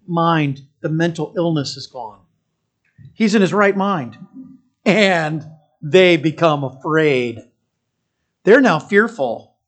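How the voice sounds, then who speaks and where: A pastor preaching a sermon. The pastor tells the story in an animated way, often checking in with listeners and restarting phrases while thinking aloud. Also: mid-range voice. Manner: animated storytelling, keeps asking listeners "right?".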